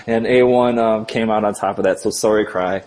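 A man co-hosting a sports podcast, wry and jokey, halting with fillers and restarts. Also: on the low side, fairly even intonation, darkish tone. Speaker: podcast co-host. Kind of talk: casual joking chat.

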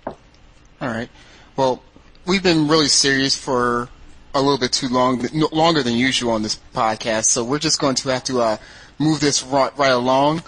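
A man's voice: medium pitch, normal speed, fairly bright tone, low-quality recording. A man hosts a casual football podcast in a mid-range voice. He steers from topic to topic with a light, joking manner. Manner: joking, moves the show along. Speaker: podcast host.

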